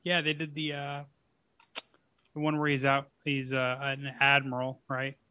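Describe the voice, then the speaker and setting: A man's voice: medium pitch, completely flat delivery, unhurried, pushed and bright, clean tone, no room sound. A man co-hosting a podcast, joking and swearing in loose casual chat with many fillers. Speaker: podcast co-host.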